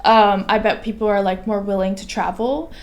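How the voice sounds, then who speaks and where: A woman's voice: mid-range voice, steady tone, normal speed. A woman co-hosting a podcast in a bubbly, chatty way, laughing often. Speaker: podcast co-host. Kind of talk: casual podcast chat.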